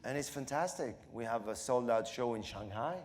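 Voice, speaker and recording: Laughing French-accented man, animated storyteller. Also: medium pitch. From Morocco. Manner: laughing often, acting out quoted voices, halting with fillers. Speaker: comedian guest. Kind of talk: live on-stage interview.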